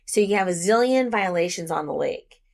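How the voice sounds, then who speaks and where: A chatty woman from the United States, talking in a relaxed podcast conversation. Her voice sits low with a gravelly fry at phrase ends, and she rambles through stories with quick asides. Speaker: realtor guest.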